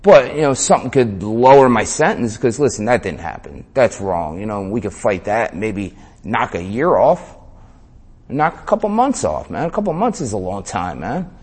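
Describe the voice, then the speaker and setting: A man's voice: lowish voice, very animated, normal speed, a little mellow, husky. A man telling a story in an interview in a casual way, full of slang, swearing and "man". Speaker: interview guest.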